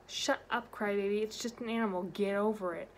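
A woman's voice: mid-range voice, fairly even intonation, brisk, slight background noise, natural voice. A woman voicing a mean, cold old female math teacher who speaks in curt, dismissive orders.

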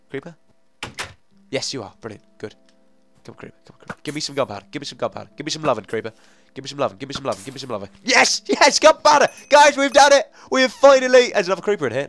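Chatty stuffy-nosed young man. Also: mid-range voice. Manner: chatty, rambling, excitable. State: blocked nose. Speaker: gaming video host. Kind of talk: let's play commentary.

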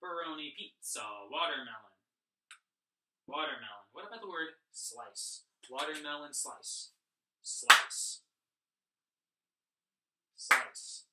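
A young man teaches an online music lesson for children, chanting rhythm syllables with upbeat energy. His voice is very bright. It sits a little back from the mic in an echoey room. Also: fairly high pitch, lively intonation, moderate pace, distant mic. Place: home room.

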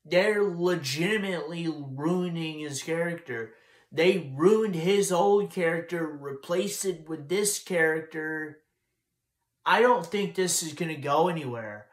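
In an echoey room, a young man rants casually while recapping wrestling news, sounding frustrated, profane and repetitive. His voice is a little high and fairly bright.

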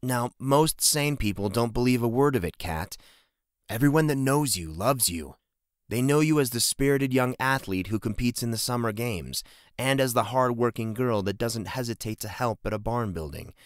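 A man doing a gentle farmer father. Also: medium pitch, normal speed, clear, resonant tone, dry recording, clean studio sound, pitched above the performer's own voice, lightly acted. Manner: calm, fatherly. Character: gentle, concerned middle-aged farmer father.

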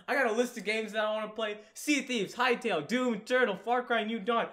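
A teenage boy ranting excitedly in a home vlog, rambling and giddy, swinging from loud yelps to mumbles, sometimes far from his desk mic. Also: high voice, fast. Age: teens. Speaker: gaming YouTuber. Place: home room.

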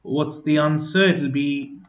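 A man's voice: on the high side, slow pace, roomy sound. A man teaching a math lesson step by step, patient, asking rhetorical questions and using many fillers. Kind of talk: explaining step by step.

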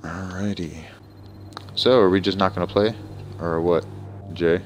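A man's voice: sits low, fairly even intonation, a little slow, soft background music. A young man streaming a game live, ranting profanely and confrontationally at people in his chat and voice chat. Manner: profane, confrontational, trash-talking.

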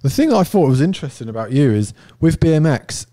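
A man's voice: a little high, sing-song, brisk, mellow, dry recording, clean studio sound. A young man in casual chat, speaking eagerly and explaining with vivid everyday comparisons. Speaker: podcast co-host.

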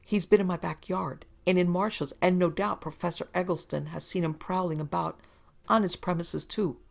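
Fussy, prim male client with a whiny, raised pitch and a gravelly edge, as a woman reader puts him on. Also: fairly even intonation, normal speed. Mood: wheedling. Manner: prim, fussy wheedling talk, higher pitch. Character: fussy, wheedling middle-aged man client. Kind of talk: storybook reading.

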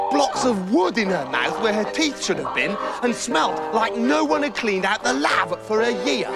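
Animated English storyteller, high and gravelly. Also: male voice. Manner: animated, playful and full of mock horror. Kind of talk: comic children's story narration. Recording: roomy reverb, faint music.

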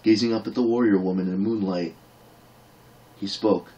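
Brief: male narrator with a lowish voice, reading fantasy with dramatic drive. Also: steady tone, normal speed, dark tone, muffled recording. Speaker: audiobook narrator. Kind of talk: audiobook reading.

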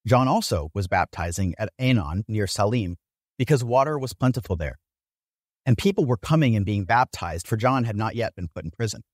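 Male preacher, mid-pitched, conversational sermon delivery, very expressive intonation, dry close mic. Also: no room sound. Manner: conversational, animated storytelling with vivid examples. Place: church.

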